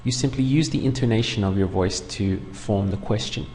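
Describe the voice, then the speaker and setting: A man teaching a beginners' language lesson online, explaining patiently and clearly step by step. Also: fairly low pitch, normal speed, darkish tone. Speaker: Spanish teacher. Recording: long room reverb, faint background noise.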